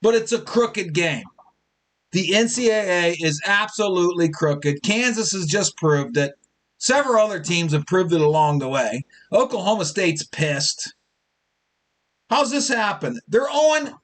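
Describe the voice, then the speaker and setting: A lively man rants through his sports talk show with a high, bouncing voice. He jokes his way along, a little tipsy and loose, and his pitch leaps all over when he gets going. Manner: animated, joking, mimics fans in quotes. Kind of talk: casual sports talk monologue.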